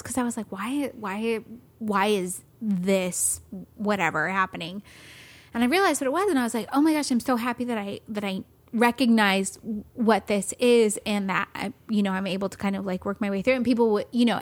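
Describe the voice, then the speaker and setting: A woman co-hosting a podcast in casual chat, animated and mimicking other people in high voices.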